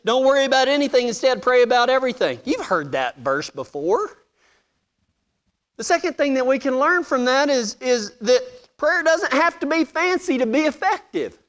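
A man's voice: very high-pitched, lively intonation, moderate pace, a bit bright. A man preaching a sermon, telling funny personal stories and acting out the voices in them with a self-deprecating humor.

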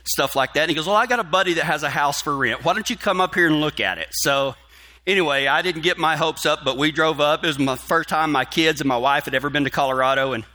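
Male pastor, middle-aged, bright forceful tone, slightly high voice, folksy sermon storytelling. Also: quick pace. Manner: folksy storytelling, many restarts, grows fervent.

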